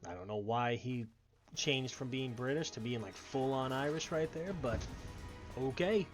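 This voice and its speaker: A man's voice: mid-range voice, normal speed. A man streaming a game, making casual, offhand and amused comments on what happens. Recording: dull lo-fi stream audio with game music.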